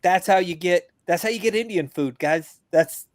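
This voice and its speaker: Brief: male veteran call-in guest, slightly high voice, dry sound, ranting with crude jokes. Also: moderate pace, no room sound. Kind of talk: casual podcast rant. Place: abroad, remote from the hosts.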